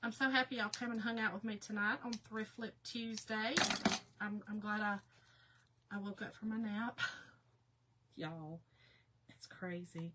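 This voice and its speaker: A woman's voice: mid-range voice, steady tone, unhurried, pauses often, heavy background noise. A woman chatting casually with her viewers while she crafts on a livestream, laughing often.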